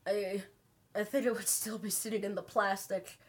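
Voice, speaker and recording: A young woman talking to her camera in her bedroom, telling an emotional story slowly and haltingly while fighting back tears. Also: mid-range voice, level tone. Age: young adult. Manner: halting, slow, many pauses and fillers. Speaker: vlogger.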